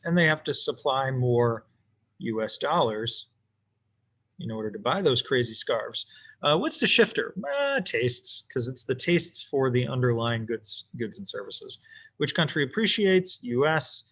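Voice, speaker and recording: A man teaching economics in a relaxed, offhand way, thinking aloud as he sketches graphs for an online class. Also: medium pitch, a little slow, breathy edge. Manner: casual, talks to himself while drawing. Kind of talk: recorded lesson while sketching graphs.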